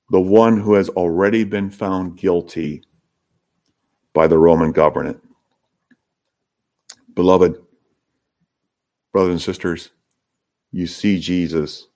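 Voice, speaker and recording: A man's voice: lowish voice, darkish tone. A man preaching a sermon as pastor, earnest and emphatic, lifting his voice when he acts out the crowds. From Canada.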